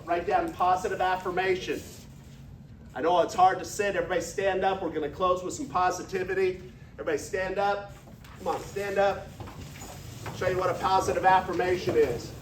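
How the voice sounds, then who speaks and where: A high-voiced man in his fifties gives a folksy, energetic motivational talk. He is heard from far off in an echoey meeting room. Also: a little fast, slight background noise. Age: 50s. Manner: energetic, folksy, leads audience call-and-response. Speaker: business speaker.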